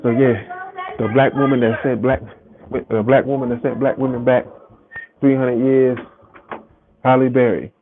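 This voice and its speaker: A man's voice: mid-range voice, flat delivery, normal speed, long pauses. A man ranting on a live stream from home, rambling and profane as he talks straight to his viewers. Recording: tinny phone audio with faint hiss.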